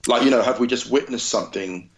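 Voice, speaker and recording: A man appearing as a podcast guest, talking casually and enthusiastically, with animated, effusive storytelling. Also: mid-range voice, quick pace, reverberant, low-quality recording. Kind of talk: casual chat.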